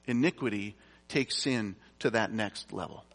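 Long reverb from a large hall surrounds a man preaching a sermon in a lowish, unhurried, fairly bright voice. He reads scripture aloud and explains it conversationally, dropping in casual asides.

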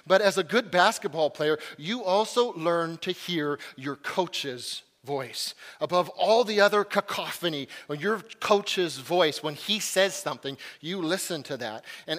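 A man telling a personal story in a sermon, animated and lively, sometimes dropping to a hushed voice. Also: high voice. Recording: long hall reverb.

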